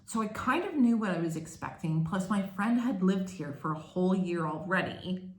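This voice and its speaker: A woman's voice: on the low side, lively intonation, moderate pace, slight background noise. A woman from Canada, telling her story candidly in a chatty, casual vlog. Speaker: vlogger. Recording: echoey room.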